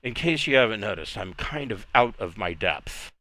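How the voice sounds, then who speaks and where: A man's voice: on the low side, lively intonation, pushed and bright, no echo, voice pushed down. A man voicing a stiff, awkward male engineering officer who hesitates and stumbles over his words. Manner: hesitant, halting.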